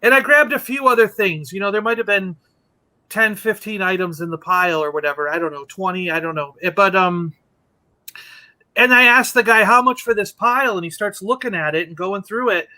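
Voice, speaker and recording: High bright-voiced man telling a story. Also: a little fast. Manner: animated storyteller, acting out quotes. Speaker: podcast co-host. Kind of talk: casual chat.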